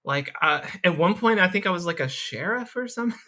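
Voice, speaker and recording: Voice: medium pitch, animated, fairly quick, bright, forceful tone. A player of a tabletop game, talking in a rambling, casual way. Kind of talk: in-character tabletop play.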